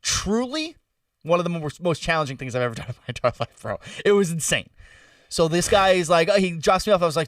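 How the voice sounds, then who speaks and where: A young man casually telling a story on a podcast, loose and animated, with lots of "like" and "bro". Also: a little high, a little fast, no room sound, distant mic. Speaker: podcast co-host. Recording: dry sound, set back from the mic.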